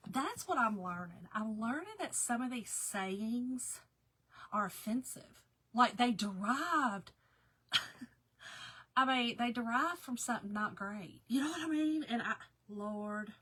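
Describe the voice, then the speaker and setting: A woman's voice: on the high side, animated, slow pace, fairly bright tone, breathy edge. A woman with a Southern American accent, chatting casually with viewers on a craft livestream while she works, laughing often and greeting people by name. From Southern United States.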